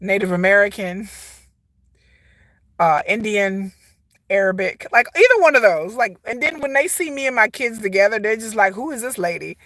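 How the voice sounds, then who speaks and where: A woman's voice: medium pitch, expressive, moderate pace, a bit bright, no echo, clean studio sound. A woman in her forties chatting casually to camera as a vlogger, rambling, laughing often and mimicking people. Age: 40s.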